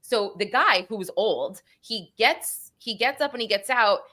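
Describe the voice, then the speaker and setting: A middle-aged woman co-hosting a true-crime chat show, telling stories with lively acted-out quotes. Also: on the high side, a little slow. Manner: animated storytelling, acts out quotes. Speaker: podcast co-host.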